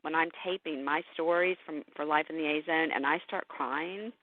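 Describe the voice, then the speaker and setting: A woman's voice: low-pitched, moderate pace, no room sound. Candid woman on a tinny phone line. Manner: emotional, candid, animated storytelling with laughs. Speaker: podcast host and caregiver guest. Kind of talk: casual interview chat.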